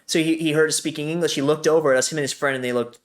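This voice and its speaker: An American man with a fairly high voice for his sex, telling stories in a lively, animated way. He laughs easily and speaks casually, as a guest chatting at length. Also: rapid-fire. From Colorado, USA. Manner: animated storytelling, laughs often. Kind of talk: casual conversation.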